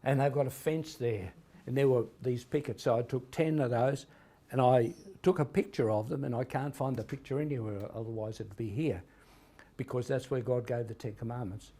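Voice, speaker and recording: Aussie guy preaching in church, storytelling, gets loud then drops quiet, average pitch. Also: moderate pace. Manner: storytelling, emphatic swings in loudness. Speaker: pastor. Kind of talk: sermon.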